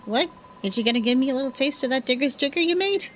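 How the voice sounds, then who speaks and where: A woman's voice: high-pitched, lively intonation, a little hiss or hum, rough recording. A woman voicing a brash, bossy young girl with cockney slang who orders people around. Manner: brisk, commanding, working-class slang.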